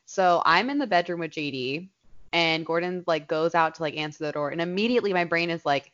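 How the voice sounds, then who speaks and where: Lower-voiced woman telling a casual story. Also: fairly quick, muffled recording. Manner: swears freely, tells stories with lively quoted voices. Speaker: podcast co-host. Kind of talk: casual chat.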